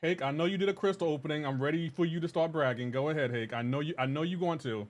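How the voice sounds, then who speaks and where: Man, game streamer, casual live chat, upbeat, greets viewers by name, slightly higher voice. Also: quick pace, dull audio. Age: adult with a child. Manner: upbeat, greets chatters by name, chatty asides.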